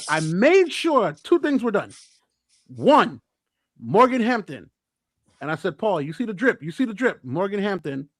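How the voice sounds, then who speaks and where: A man's voice: sits high, fairly bright tone, no echo. A man co-hosting a casual show, telling stories and acting out what people said in changing voices. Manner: acts out quotes in different voices, laughs a lot. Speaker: podcast co-host. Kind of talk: animated storytelling chat.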